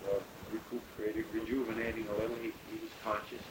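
A man telling a long story in a casual, rambling way, pausing often and lifting his voice when he quotes others. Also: fairly low pitch, monotone. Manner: rambling, halting with many pauses and fillers. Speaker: storyteller recounting a rescue. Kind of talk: casual oral-history storytelling. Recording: roomy recording with loud background hiss.

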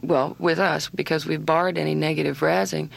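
A woman's voice: low-pitched, fairly even intonation, normal speed, gravelly, poor audio. A woman hosting a casual radio discussion, chatty and enthusiastic.

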